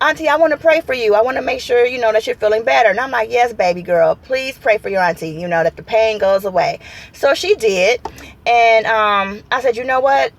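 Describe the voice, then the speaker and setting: A woman's voice: medium pitch, a bit bright. A woman vlogging from her parked car, chatting animatedly and acting out quotes as she tells a story. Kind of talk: casual storytelling vlog. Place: parked car in a parking lot.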